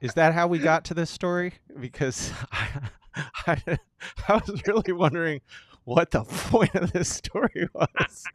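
A man's voice: fairly high pitch, a bit bright, no echo. A man co-hosting a casual podcast, teasing dryly and restarting his sentences. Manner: dry teasing, halting restarts. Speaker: podcast co-host. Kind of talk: casual chat.

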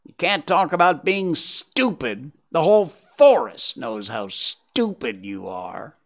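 A man voicing a bitter, loud female crow in a storybook reading, scolding the other animals. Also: a little high, very animated, slow pace, pitched above the performer's own voice, heavily acted.

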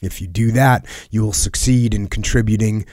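Earnest man reading slowly. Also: lowish voice, fairly even intonation, a little mellow, no echo, studio quality. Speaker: reader of a letter. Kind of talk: solemn reading of a personal letter.

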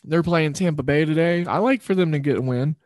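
A man's voice: on the high side, a little fast, no room sound, studio quality. A man hosting a sports betting show, rambling loosely through picks and correcting himself as he goes. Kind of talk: casual sports betting talk.

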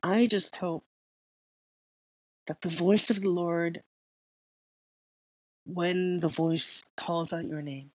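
A woman hosting a podcast, speaking in a soft, halting, reflective personal monologue with frequent pauses and fillers. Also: on the low side, fairly even intonation. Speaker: podcast host.

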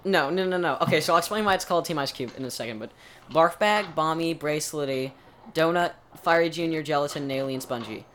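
A man's voice: fairly high pitch, fast talker, fairly bright tone, slight background noise. A man co-hosting a podcast, chatting casually and rambling through explanations with many restarts. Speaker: podcast co-host. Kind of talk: casual chat.

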